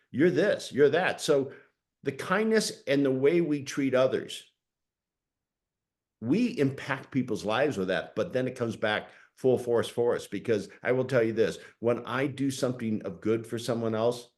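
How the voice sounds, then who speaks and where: Male host, lively and laughing storyteller, mid-pitched voice. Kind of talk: conversational interview.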